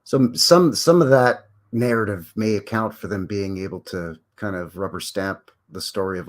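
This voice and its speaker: A man's voice: fairly low pitch, normal speed, few pauses. Folksy man chatting live. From Canada. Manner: folksy, conversational, many fillers and asides. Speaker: livestream host. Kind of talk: rambling live-stream chat with viewers.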